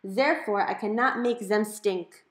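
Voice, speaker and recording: A woman's voice: measured pace, fairly bright tone, natural voice. A woman putting on a squealing German-accented base computer. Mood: fussy polite. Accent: put-on German. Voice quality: high-pitched, outrageous. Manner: overly polite, formal. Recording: roomy echo.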